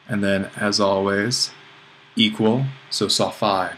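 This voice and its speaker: A man who is a teacher, giving a casual lecture with worked examples in a relaxed, self-deprecating way, thinking aloud as he goes. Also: mid-range voice, unhurried, a little hiss or hum.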